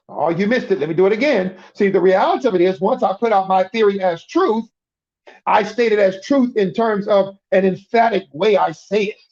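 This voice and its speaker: High-voiced preacher man, lo-fi. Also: a little mellow. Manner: emphatic, repeats himself and restarts words. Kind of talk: conversational sermon.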